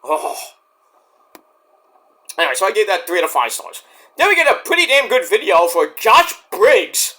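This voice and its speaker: A man recaps a wrestling show in a loose, profane vlog style, wandering off on tangents along the way. His voice sits high and bright, and it bounces up and down with plenty of energy. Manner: rambling, profane and digressive. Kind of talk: casual review vlog.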